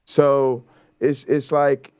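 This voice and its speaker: A man's voice: mid-range voice, flat delivery, extremely slow, darkish tone, clear, resonant tone. Guy hosting his show, blunt and emphatic, cusses a lot, keeps tossing in "right?". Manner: blunt, swears freely. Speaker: talk show host. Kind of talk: casual commentary.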